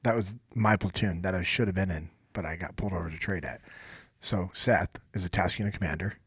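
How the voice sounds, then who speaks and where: A man's voice: low voice, fairly quick, a bit bright, slightly rough, no echo, clean studio sound. An American man hosting a podcast, telling an emotional story in a casual, earnest way. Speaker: podcast host.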